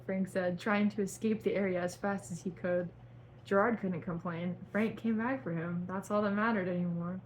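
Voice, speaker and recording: A woman's voice: medium pitch, fairly even intonation, moderate pace, a little hiss or hum, rough recording. A young woman reading her own fan fiction aloud in a melodramatic voice, stopping to cringe at the writing. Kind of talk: dramatic reading with asides.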